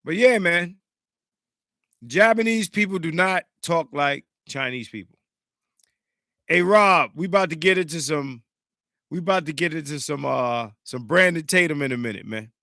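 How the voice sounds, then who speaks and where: A man hosting a podcast in a casual, profane, animated way, greeting live chat viewers, sounding slightly congested. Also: a little high, moderate pace, no echo, studio quality. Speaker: podcast host.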